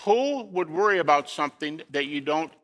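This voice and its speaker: Animated man lecturing in a hall. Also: on the high side, moderate pace. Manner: animated, asks rhetorical questions, folksy asides. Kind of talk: lecture to an audience.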